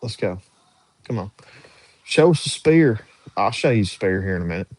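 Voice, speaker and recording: A man's voice: fairly low pitch, expressive, moderate pace, a little mellow, no room sound. A young man hosting a casual livestream, reading viewer questions aloud and answering them in an easygoing, drawling way. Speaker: livestream host answering chat.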